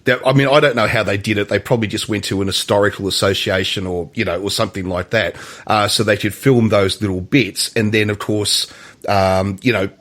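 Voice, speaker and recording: A man's voice: lowish voice, fairly even intonation, brisk, fairly bright tone. A man hosting a casual movie podcast, chatty and prone to restarting his sentences. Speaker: podcast host. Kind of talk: casual chat.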